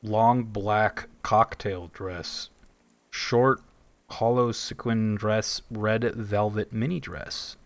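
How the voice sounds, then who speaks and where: Goofy streamer man, lowish voice. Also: steady tone, drawn-out words. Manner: goofy, jokey asides. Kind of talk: casual live gameplay commentary. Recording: stream with game music behind.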